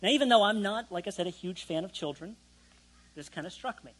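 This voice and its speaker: Young man, pastor, sermon, chatty asides, slightly high voice. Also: animated, fairly quick, a bit bright, rough recording. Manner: conversational, self-deprecating asides, light laughs.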